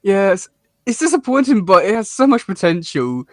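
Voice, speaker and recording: A man co-hosting a casual episode review chat, talking in halting bursts with many restarts and fillers and laughing often. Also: sits high, sing-song, fairly bright tone, no echo, clean studio sound. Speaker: podcast co-host reviewing a cartoon episode.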